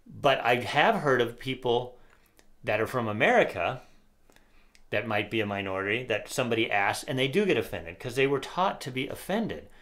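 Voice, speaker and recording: A man's voice: medium pitch, big pitch swings, moderate pace, fairly bright tone. A middle-aged man co-hosting a casual political talk show, giving opinionated commentary and reading lyrics aloud with sarcasm. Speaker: podcast co-host.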